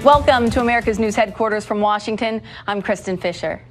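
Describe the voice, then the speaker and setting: A woman anchoring a news program, reading headlines crisply. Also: medium pitch, fairly quick. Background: music.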